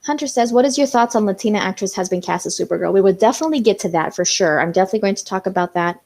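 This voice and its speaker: In a mid-range, darkish voice, a young woman races through her casual live stream. She chats with viewers, reads their comments out loud, and fills her speech with plenty of "um" and "you know."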